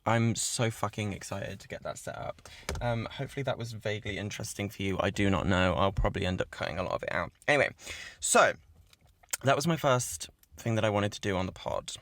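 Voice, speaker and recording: A man hosting his own podcast in casual chat, gushing and swearing a lot as he gets excited. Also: lowish voice, brisk. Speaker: podcast host. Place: cabin in the woods.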